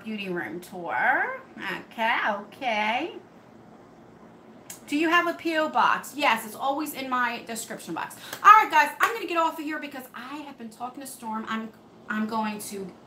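Woman, live-stream beauty host, chatty, bright voice, echoey home room. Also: sits high, a little hiss or hum. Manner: chatty, reads and answers comments. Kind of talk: live stream chat with viewers. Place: home room under hot lights.

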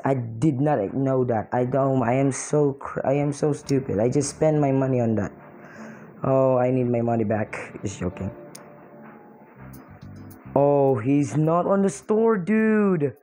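Young woman, low voice, unhurried delivery, excitable game commentary, frequent exclamations. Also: faint music behind. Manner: excitable, exclaiming, laughs often. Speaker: mobile game player.

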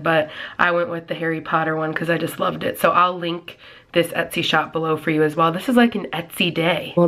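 A young woman with a nasal voice, chatting casually to camera at home in a rambling vlog. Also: lowish voice. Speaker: vlogger. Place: at home, indoors.

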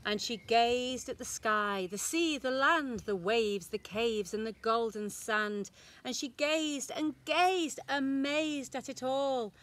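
Slow, sing-song woman reading a picture book. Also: a little high. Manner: slow, sing-song and expressive, leaning into rhymes. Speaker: infant school teacher. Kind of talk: reading a picture book aloud to young children.

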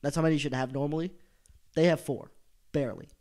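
A man's voice: fairly high pitch, darkish tone. A man co-hosting a wrestling podcast, joking and arguing in casual chat. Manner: joking, argumentative, quick banter. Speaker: podcast co-host.

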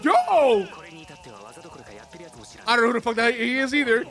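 A young man hosting an anime reaction, talking in an excitable, casual way, swearing a lot and laughing often. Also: very high-pitched, unhurried.

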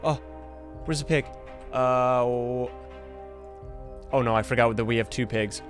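A man's voice: mid-range voice, fast, soft background music. A young man hosting his gaming channel, giving jumpy, panicky commentary full of gasps and yelps as he plays. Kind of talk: excited gameplay commentary.

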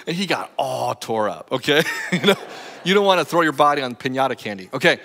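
Animated pastor preaching in a reverberant hall. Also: male voice, medium pitch, a little fast, gravelly. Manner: animated, acts out stories, talks to the crowd with "right?". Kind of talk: lively storytelling sermon. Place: church sanctuary. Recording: long reverb of a church hall.

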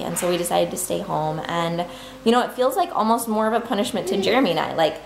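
A mother in her thirties chats candidly to the camera in a casual family vlog, leaning on "like" as she talks. The room around her rings back with noticeable echo, and steady household noise sits under her voice. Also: fairly high pitch, quick pace, gravelly. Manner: candid, chatty, lots of "like". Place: family home. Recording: roomy home recording with noise.

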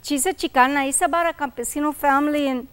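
A woman voicing a quiet young male college student who speaks earnestly and casually, pleading his case. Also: high voice, steady tone, fast.

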